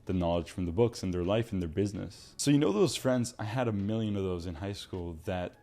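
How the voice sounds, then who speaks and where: A young man in his twenties talks straight to his viewers in an earnest, animated motivational monologue. His voice sits a little low, with a dark, mellow tone. He sounds like someone who wants his listeners to change their habits. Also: fairly quick. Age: 20s. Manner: mocks friends in put-on voices. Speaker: self-improvement video host.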